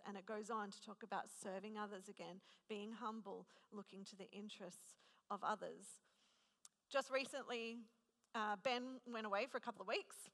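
Speaking at normal speed in a medium-pitched, fairly bright voice with fairly even intonation, a woman in her thirties preaches to a women's gathering. She tells a personal story conversationally, chatty and poking fun at herself, in a room with long hall reverb.

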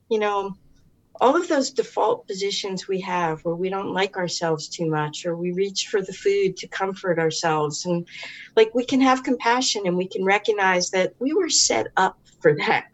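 A woman speaking as an interview guest and author, earnest and reflective, often pausing to search for words. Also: medium pitch, poor audio. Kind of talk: casual interview.

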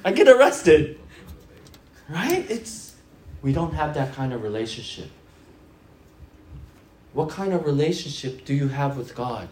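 A man's voice: fairly high pitch, unhurried, pauses often, roomy sound, slight background noise. A middle-aged male pastor preaching a sermon, telling stories and acting out the people in them. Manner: storytelling, animated with acted-out quotes.

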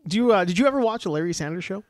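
Fast-talking high-voiced man in his forties. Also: no echo. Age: 40s. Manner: rambling, joking banter with bursts of excitement. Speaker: podcast co-host. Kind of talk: casual podcast chat. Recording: dry close mic with faint music.

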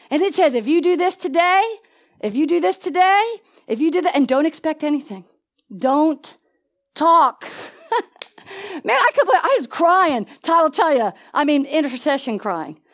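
A woman preaching a sermon in an animated way, with laughing asides and questions to the congregation. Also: very high-pitched, a little slow.

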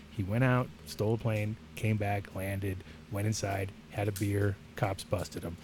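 A man's voice: fairly low pitch, flat delivery, normal speed, hardly any pauses, a little mellow, a little hiss or hum. A man hosting a podcast, chatting casually and telling rambling stories with plenty of swearing. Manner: rambling storyteller, swears freely. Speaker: podcast host. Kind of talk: casual chat.

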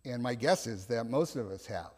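A male pastor preaching a sermon in a church, reflective and gentle, with soft laughs and restarts. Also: mid-range voice, animated, normal speed, long reverb tail.

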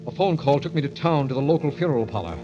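A man's voice: medium pitch, lively intonation, racing. A man narrating and acting in an old radio drama, tense and fearful. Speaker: narrator and lead character. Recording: dull old radio play recording with music.

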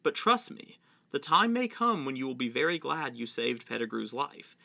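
A man voicing a wise old wizard headmaster, reading his lines gravely from a novel. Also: medium pitch, big pitch swings, moderate pace, sharp tone, heavily acted. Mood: gentle.

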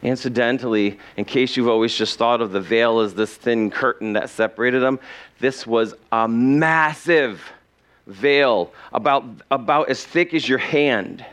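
A man as pastor, preaching a sermon in a slow, earnest storytelling way with dramatic pauses. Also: mid-range voice, fairly bright tone.

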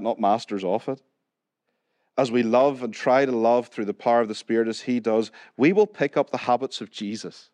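A man with a Northern Irish accent preaches a sermon at a middle pitch. He talks to the congregation in a relaxed, conversational way and keeps putting questions to them. The recording is dry, with no room echo. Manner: conversational, asks the congregation questions, jokes and laughs now and then. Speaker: pastor. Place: church hall.

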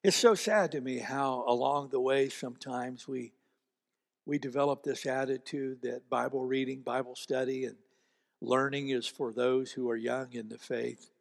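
Male pastor with a gravelly voice, folksy and earnest, preaching in a church with hall echo. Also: mid-range voice, fairly even intonation, normal speed. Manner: folksy, earnest, with small restarts. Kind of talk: sermon storytelling. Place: church sanctuary.

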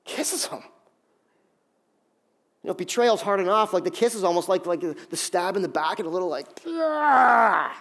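A middle-aged male pastor giving an animated sermon, acting out scenes with quick voices. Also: high-pitched.

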